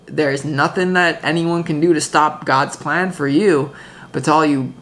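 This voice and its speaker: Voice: mid-range voice, fairly even intonation, a little slow, fairly bright tone. A tarot reader talking casually, rambling with intense emphasis, lots of fillers, restarts and the odd curse. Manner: swearing, emphatic.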